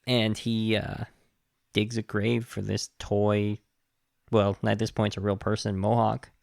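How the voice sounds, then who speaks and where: Male podcast host: low, gravelly, dry sound, animated and indignant. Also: a little slow, dry recording. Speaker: podcast host reviewing a film. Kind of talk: casual film review chat.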